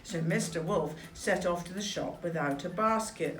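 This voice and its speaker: A woman with an English accent reading a picture book aloud in a playful, animated way, with chatty asides. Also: on the low side, normal speed, few pauses. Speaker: storybook reader. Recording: echoey room.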